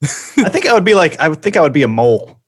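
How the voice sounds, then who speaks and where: Playful young man, slightly high voice. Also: very animated, fast, breathy edge. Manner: playful, joking questions. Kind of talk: casual chat.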